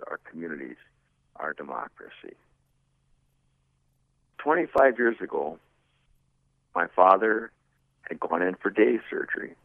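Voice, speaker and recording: Middle-aged man, low gravelly voice, lively storytelling talk with rhetorical questions, heard over thin phone-like radio audio. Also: dry recording. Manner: expressive, rhetorical questions, swings from emphatic to hushed. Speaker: speaker on servant leadership.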